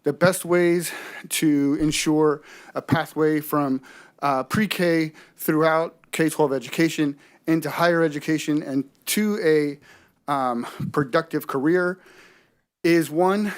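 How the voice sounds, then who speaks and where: Male policy advocate, smooth higher voice, halting polite testimony. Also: steady tone. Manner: hesitant with fillers, polite. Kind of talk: public testimony. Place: legislative hearing room.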